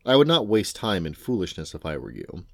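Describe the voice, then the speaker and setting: A man voicing an aloof, sleepy male cat in a storybook, speaking slowly and cryptically. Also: low voice, huge pitch swings, a bit bright, no echo, studio quality, heavily acted. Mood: drowsy cryptic. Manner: slow, lazy and cryptic. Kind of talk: storybook read-aloud.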